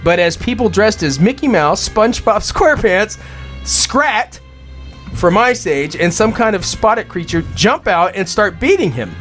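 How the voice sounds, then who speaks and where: A man's voice: sits high, expressive, a little slow, fairly bright tone. A man co-hosting a comedic podcast, joking and laughing as he reads out odd news stories. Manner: jokey, laughing while reading news stories. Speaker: co-host. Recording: dull lo-fi podcast audio with faint music.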